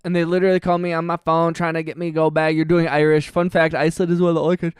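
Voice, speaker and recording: A man's voice: a little high, completely flat delivery, rapid-fire, clean tone, no echo, studio quality. A young man streaming live as he makes music, chatting casually and trading teasing, laughing banter. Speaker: livestreamer making music. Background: music from his production session with brass sounds.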